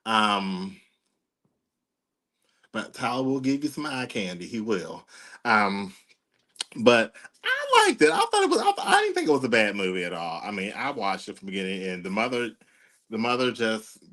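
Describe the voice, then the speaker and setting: A man's voice: fairly low pitch, bright, forceful tone. A man co-hosting a casual chat in a campy, playful manner, laughing often. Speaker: podcast co-host.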